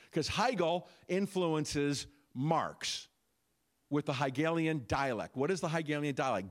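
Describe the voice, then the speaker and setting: Male pastor, sermon delivery, fairly high voice with a very lively, swooping pitch, lots of rhetorical questions. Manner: animated preaching with rhetorical questions.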